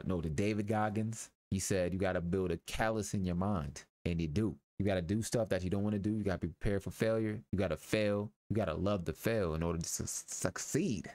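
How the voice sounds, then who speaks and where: A young man talks through a game in a relaxed, joking way, full of slang and the odd curse. His voice sits very low. The sound is dry, with no room echo. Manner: loose, joking, slangy asides with swearing. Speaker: gaming YouTuber. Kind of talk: casual let's-play commentary reading game text aloud.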